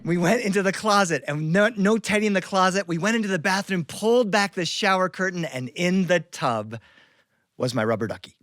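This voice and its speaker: Playful guy storyteller, kinda high voice, dead dry close mic. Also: a little fast, no room sound. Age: adult. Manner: lively, playful, asks audience questions. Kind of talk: performed personal story.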